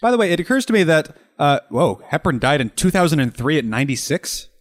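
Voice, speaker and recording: Fast-talking joking man. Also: on the high side, very animated. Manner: quick, joking, tangents into visual effects talk. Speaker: podcast co-host. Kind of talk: casual chat over a film commentary.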